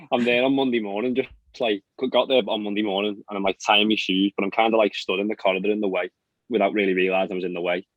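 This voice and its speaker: A young pro golfer swaps stories in a relaxed podcast chat, his fairly low voice holding a fairly even intonation. He talks fast and chatty, packing in fillers and laughs. The recording is dry, dull and lo-fi, with no room sound.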